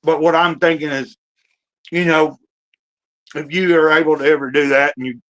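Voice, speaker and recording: A man's voice: fairly high pitch, steady tone, moderate pace, fairly bright tone, rough recording. A man hosting a casual livestream from home, rambling and restarting his sentences, with many fillers and the odd cough. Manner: talks while eating, occasional coughs. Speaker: livestream host.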